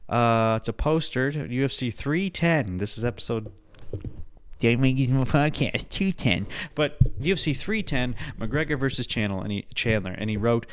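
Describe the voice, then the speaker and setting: A young man talks loosely into his podcast mic, full of swearing and asides. He rambles from one thought to the next and keeps breaking into laughter. His voice sits at an ordinary male pitch. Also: lively intonation, normal speed, smooth. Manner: profane, rambling, laughs a lot. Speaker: podcast host. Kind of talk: casual podcast chat.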